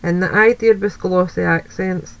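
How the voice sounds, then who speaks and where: A woman's voice: on the low side, fairly even intonation, moderate pace, gravelly, poor audio. A woman chatting through a card-making tutorial, thinking aloud as she works and making light of her own slips. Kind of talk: craft tutorial, talking while working.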